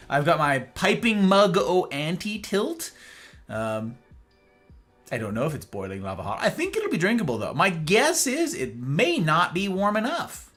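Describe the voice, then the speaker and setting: Guy on a livestream chatting w chat, bouncy lively pitch, faint music behind. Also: unhurried. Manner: chatty, greets viewers by name with playful flourishes. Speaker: streamer.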